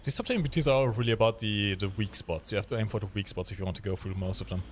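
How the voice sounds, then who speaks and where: A man co-hosting a live gameplay stream, chatting in a lively, teasing way while he plays. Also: on the low side, rapid-fire, a little hiss or hum. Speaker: stream co-host.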